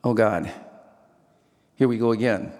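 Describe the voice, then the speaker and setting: A man's voice: lowish voice, a little slow, darkish tone. A man telling his life story in a hall. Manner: earnest storyteller with quoted dialogue. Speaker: speaker. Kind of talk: personal life story talk. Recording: hall reverb.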